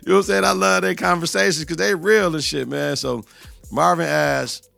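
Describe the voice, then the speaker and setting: A man recaps a TV episode in loose, profane street slang. His voice sits fairly high, bright and gravelly. The recording is dry and close, with faint music behind him. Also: fairly even intonation, moderate pace, dry recording. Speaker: podcast host.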